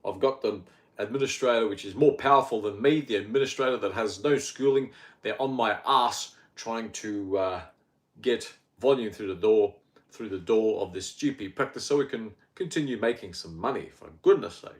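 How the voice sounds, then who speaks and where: A man's voice: fairly low pitch, moderate pace. A man in his fifties with an Australian accent, hosting a casual health podcast monologue in a rambling, blunt and sardonic way.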